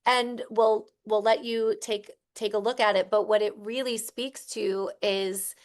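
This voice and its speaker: A woman co-hosting a podcast in a relaxed conversational way. She speaks thoughtfully. She often affirms what her co-host says before she adds her own view. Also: mid-range voice, unhurried.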